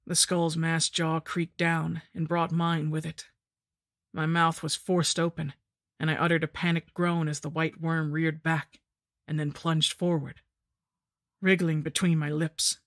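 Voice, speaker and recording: A woman reading a first-person horror story in a steady, measured narration. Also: sits low, dry recording, studio quality.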